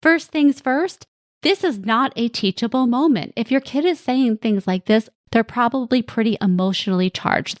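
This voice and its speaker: A woman talks as a parenting coach on her own podcast. Her voice sits in a middle range and comes across plain and direct. She reassures her listeners while acting out quick lines from kids and parents. The sound is dry and close, with no room around it. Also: mid-range voice, no room sound. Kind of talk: solo podcast talk.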